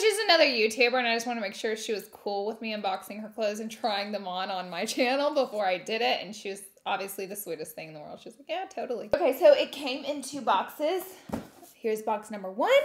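A woman's voice: fairly high pitch, brisk. Bubbly chatty woman vlogger. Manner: bubbly, chatty, laughs often, animated. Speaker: beauty YouTuber host. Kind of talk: casual unboxing vlog.

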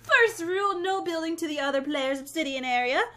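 A woman's voice: very high voice, brisk, pushed and bright. A woman co-hosting a casual let's-play, giggling and skeptically bantering with her partner. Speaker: gaming channel co-host.

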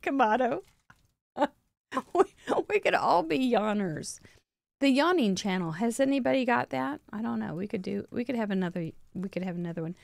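A woman's voice: fairly high pitch, very animated, moderate pace, creaky, dry recording, clean studio sound. A woman chatting casually as host of a live crafting show, opening mail from viewers and laughing often. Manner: chatty, warm-hearted, laughs often, yawning from a long day.

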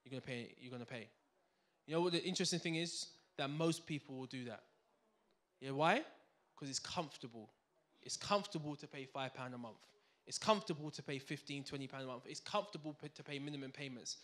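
Brit guy running a money seminar, slightly high voice, high energy, keeps quizzing the room. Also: a little fast. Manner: energetic, interactive, quizzes the audience with banter. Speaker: seminar speaker. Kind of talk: live finance seminar talk. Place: room with a live audience.

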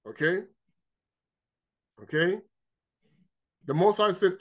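A man's voice: high voice, unhurried, long pauses. A man giving an informal spiritual teaching, emphatic and rambling, repeating himself and reading scripture aloud. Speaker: religious teacher.

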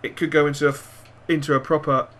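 A man doing live gameplay commentary, exasperated, swearing often and shouting at his players. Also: on the high side, flat delivery, quick pace. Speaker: gaming commentator.

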